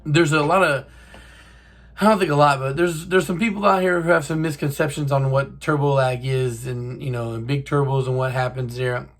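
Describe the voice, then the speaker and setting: A man's voice: mid-range voice, steady tone, moderate pace. A young man hosting his own channel, chatting casually and profanely to the camera like he's talking to a buddy. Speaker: car channel host.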